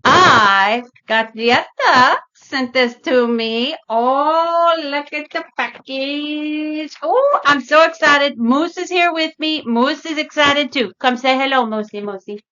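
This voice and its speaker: A woman with a high, bright voice hosts a casual craft unboxing vlog, gushing and chatting excitedly as she goes. The recording is slightly dull and lo-fi. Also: slow. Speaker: craft channel host.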